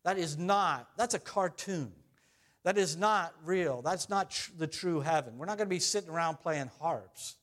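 Here a middle-aged pastor gives his sermon at a normal speed, his voice on the high side. He keeps it conversational, asking the congregation questions while his volume rises and falls between loud and soft.

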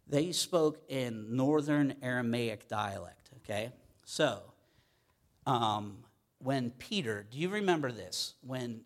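Pittsburgh pastor, middle-aged man, chatty sermon delivery, mid-pitched voice. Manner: conversational preaching, frequent "okay?" check-ins.

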